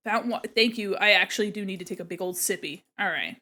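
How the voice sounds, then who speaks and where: A woman's voice: medium pitch, quick pace, sharp tone. Giggly young woman chatting with mouth full. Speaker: art streamer. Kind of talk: casual stream chat. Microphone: mic set away from her face.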